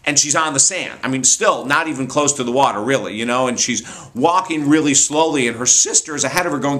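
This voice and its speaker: A man speaker and author telling funny true stories in an animated, amused way, laughing often. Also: mid-range voice, fairly quick, few pauses. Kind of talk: storytelling monologue.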